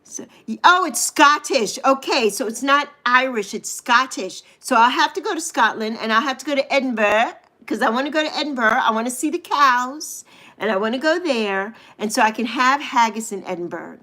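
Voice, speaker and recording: A middle-aged woman from the United States chats with viewers on a live stream, with a bright, fairly high voice. She laughs often and swears freely. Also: expressive, moderate pace. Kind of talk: casual live chat with viewers.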